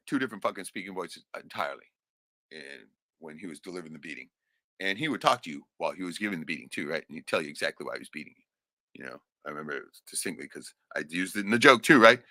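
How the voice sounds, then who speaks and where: Middle-aged guy rambling through a story, cussing constantly, low voice but bright edge. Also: expressive, fast talker, dry recording, clean studio sound. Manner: profane, rambling, tags lines with "right?". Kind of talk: casual storytelling.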